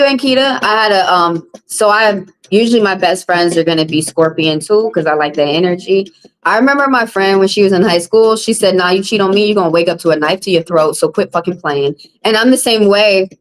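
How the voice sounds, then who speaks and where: A woman's voice: mid-range voice, poor audio. Woman, blunt, casual, salty, live-stream chat. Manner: blunt, casual, profane, talks straight to chat. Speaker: tarot reader.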